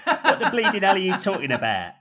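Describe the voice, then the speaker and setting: A man's voice: sits high, huge pitch swings, quick pace, pushed and bright, voice pushed up, heavily acted. A man voicing a male pooper scooper with a Cockney barrow-boy lilt, chipping in unhelpfully. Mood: exclaiming. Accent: attempted Cockney.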